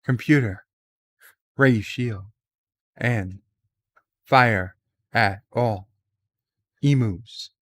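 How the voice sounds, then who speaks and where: A man doing a comedic impression of a halting, grandiose male starship captain, with dramatic pauses between words. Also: fairly low pitch, fairly bright tone, no room sound, clean studio sound, exaggerated voice.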